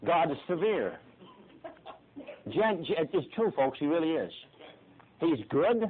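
A man's voice: a little high, very animated, slow. Middle-aged guy preaching, voice jumps all over the place, repeats stuff for effect, sounds thin like over a phone. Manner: dramatic, swings from soft to pleading cries, repeats phrases. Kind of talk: sermon. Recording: tinny phone-like lo-fi recording.

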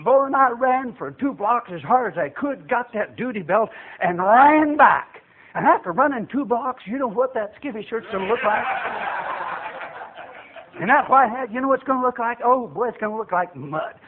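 High-voiced folksy preacher on tinny radio. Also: male voice, expressive, moderate pace, slightly rough. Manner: folksy, acts out voices, builds to shouts. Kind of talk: storytelling sermon. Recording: tinny phone-like radio broadcast.

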